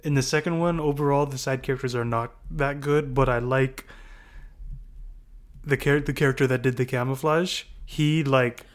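A man co-hosting a casual movie discussion, talking in a laid-back, halting way and offering contrary opinions. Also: mid-range voice, fairly even intonation. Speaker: podcast co-host.

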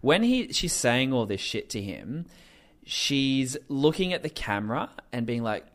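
A man hosting a casual commentary podcast, animated and profane, laughing often as he talks. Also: medium pitch, moderate pace. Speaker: podcast host.

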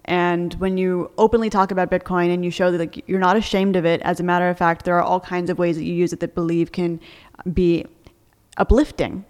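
A woman's voice: fairly low pitch, flat delivery, brisk, darkish tone, smooth, in a large hall. A woman co-hosting a casual podcast, arguing her points with energy and laughing often. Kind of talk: casual debate chat.

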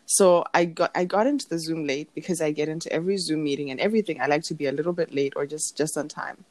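Lively young woman telling a story. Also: low voice, quick pace, dry recording. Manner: animated storytelling, acts out quotes, laughs often. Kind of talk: casual chat.

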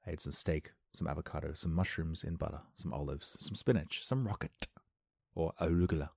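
A man's voice: low voice, moderate pace, gravelly, darkish tone, no room sound, clean studio sound. A young man hosting a casual solo podcast from a dim room at home, rambling playfully and laughing at his own jokes. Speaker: podcast host.

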